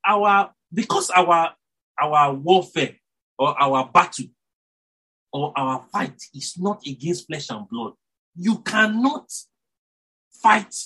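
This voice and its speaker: Animated preacher with a lively voice. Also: male voice, a little high, slightly rough, low-quality recording. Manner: animated, rises and drops for emphasis, self-corrects, chuckles. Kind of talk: sermon.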